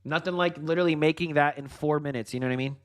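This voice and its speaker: A man with a slightly high voice hosts a live trading stream and calls the market as it moves. He talks straight to his viewers as "guys" and "folks", hyped and excited, and often breaks into laughter. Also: racing. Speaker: livestream trading host.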